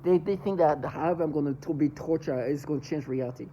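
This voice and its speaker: A man's voice: a little high, fast, warm tone, dull audio, slight background noise. A man ranting angrily in a monologue to camera, cursing and agitated. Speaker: vlogger.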